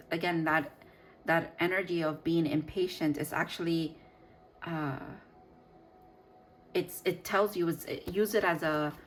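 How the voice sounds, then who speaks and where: A woman with a somewhat low voice talks through a tarot reading in a loose, unscripted way. She thinks out loud, stumbles and corrects herself mid-sentence. She breaks into soft laughter every so often. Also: a little hiss or hum, rough recording. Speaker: tarot reader. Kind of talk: casual tarot reading to viewers.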